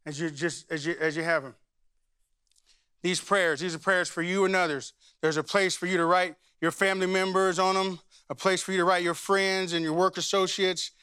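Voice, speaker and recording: A man's voice: sits high, little pitch movement, moderate pace, sharp tone, clean tone, dry recording, studio quality. A man who is a senior pastor, preaching a sermon in a church and moving from conversational storytelling into fervent spoken prayer. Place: church sanctuary.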